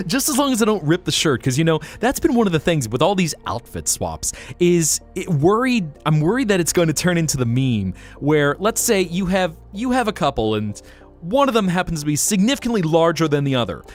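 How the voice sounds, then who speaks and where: A man chatting casually on a live stream, playful and animated, swearing and laughing often. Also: fairly high pitch, a little fast, faint music behind. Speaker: VTuber streamer.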